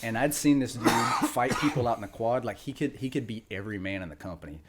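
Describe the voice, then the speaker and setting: A man's voice: mid-range voice, fast, heavy background noise. A man in his forties, a retired Marine guest on a podcast, telling stories in a rambling, casual way full of asides. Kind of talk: casual storytelling chat.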